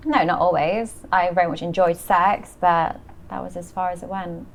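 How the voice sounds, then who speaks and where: A woman's voice: on the low side, fairly even intonation, moderate pace, vocal fry. A woman guest in a casual interview, speaking frankly and matter-of-factly.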